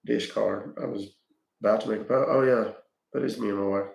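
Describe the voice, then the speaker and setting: Gravelly man chatting with viewers. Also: on the low side, steady tone, brisk, darkish tone, echoey room. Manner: chatty, answers viewer questions with fillers. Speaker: livestream host reading chat. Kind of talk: casual chat.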